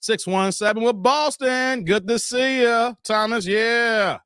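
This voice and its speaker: A man's voice: very high voice, takes it slowly, bright, forceful tone, clean tone, no echo, clean studio sound. Laid-back man hosting a stream. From Chicago area. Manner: laid-back, playful, trash-talking banter. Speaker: live stream host. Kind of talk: casual live stream chat reading comments.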